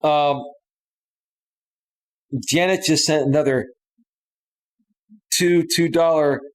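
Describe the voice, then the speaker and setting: A man's voice: a little high, fairly even intonation, slow pace. A man hosting a live stream, casually chatting and reading out viewer comments and donations. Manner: laid-back, says "bro" and "man" often.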